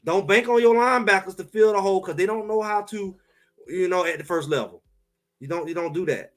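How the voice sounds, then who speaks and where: A man co-hosting a sports talk show in casual, emphatic chat, trash-talking and animated. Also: sits high, a little fast.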